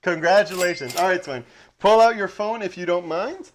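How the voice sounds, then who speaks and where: A man co-hosting a casual podcast, running a movie trivia game with lively banter and frequent laughter. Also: high voice, normal speed, a little hiss or hum. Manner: animated, laughs often, calls his co-host "Twin". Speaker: podcast co-host.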